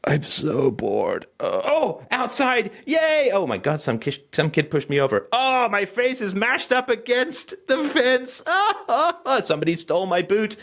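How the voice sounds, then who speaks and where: A man's voice: on the high side, pitched above the performer's own voice, exaggerated voice. A man doing a whiny, bored little kid. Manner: whining, sing-song. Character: whiny bored young child.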